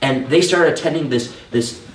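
Man preaching an animated testimony sermon. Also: a little high, normal speed, a little hiss or hum. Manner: animated storytelling, acting out his own past thoughts. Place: church hall. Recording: echoey room, mic at a distance.

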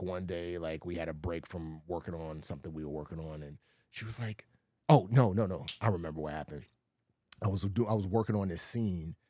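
A man on an interview show telling a long personal story, animated and full of fillers, acting out the voices of other people. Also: low-pitched, no room sound, studio quality. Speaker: guest, former Navy SEAL and actor. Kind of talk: casual storytelling conversation.

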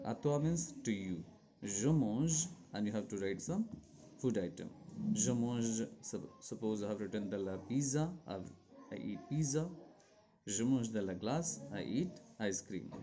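A man's voice: mid-range voice, dark tone. Man teaching French, dull lo-fi audio. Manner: reads a French word, then gives its English meaning. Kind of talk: classroom lesson walkthrough. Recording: dull lo-fi sound.

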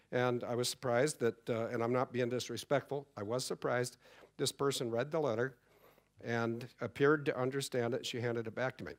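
Animated man giving a conference talk. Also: mid-range voice, normal speed. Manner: animated storytelling, acts out quoted exchanges. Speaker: conference speaker. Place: conference hall.

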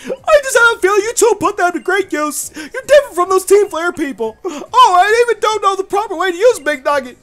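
Shrill, sobbing game characters. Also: male voice, expressive, a little fast, few pauses, pushed and bright, exaggerated voice. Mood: tearful. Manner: shrieking, melodramatic, sobbing. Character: overwrought, squealing video game characters, shrill and dramatic.

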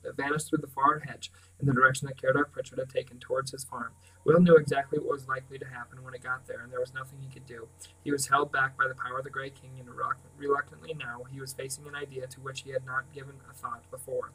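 A man reading a fantasy novel aloud, steady with small slips and restarts. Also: medium pitch, recorded from a distance, rough recording. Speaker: reader.

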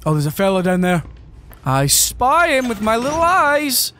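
A woman's voice: a little high, big pitch swings, moderate pace, a bit bright, dry recording. A woman doing playful gameplay commentary, joking and cooing at a game character. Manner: joking, affectionate, exclaiming. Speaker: gaming YouTuber.

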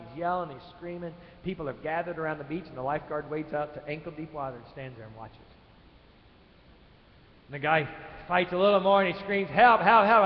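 A man preaching a sermon, swinging from loud emphatic lines to quiet ones, in a church sanctuary. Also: a little high, a little hiss or hum. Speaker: pastor. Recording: echoey church hall, dull live stream.

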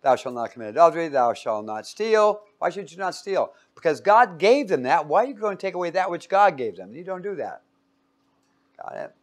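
Playful man teaching a Bible class. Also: fairly high pitch. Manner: playful, quizzes the audience and jokes.

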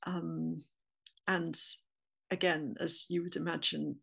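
A woman's voice: low voice, little pitch movement, slow, creaky, a bit bright, breathy edge, low-quality recording. A woman with an English accent giving a webinar talk on oral history, conversational with frequent fillers and restarts.

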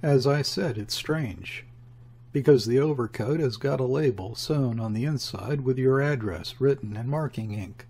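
A man reading the part of a shrewd, curt police inspector, asking probing questions in his own husky voice. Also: medium pitch, moderate pace, darkish tone. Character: shrewd middle-aged male police inspector.

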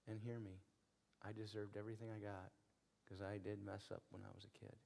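A man's voice: on the low side, little pitch movement, a little fast, vocal fry, darkish tone. A man preaching a sermon in an earnest, conversational storytelling way, repeating phrases for emphasis. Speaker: pastor.

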